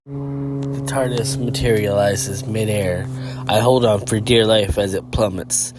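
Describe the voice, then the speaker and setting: A man's voice: fairly low pitch, steady tone, slow, very noisy. A man hosting his channel and reading fan fiction aloud in a casual, plain way. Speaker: channel host and narrator.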